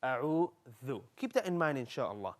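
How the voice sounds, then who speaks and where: Young male kids' TV teacher: lively, coaxing, slow exaggerated drills for children. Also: on the high side. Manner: lively, coaxing, speaks directly to kids. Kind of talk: live children's TV lesson.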